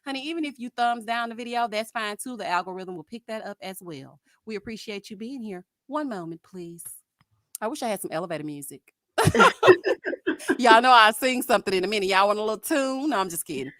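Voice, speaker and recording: A woman's voice: mid-range voice, quick pace, no echo. A woman hosts a casual live stream and talks back to her viewers with sass and flair. Her voice sits mid-range and sounds dry and close. She keeps calling people "honey" and "child.". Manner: sassy, animated, says "honey" and "child". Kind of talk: casual reality TV commentary.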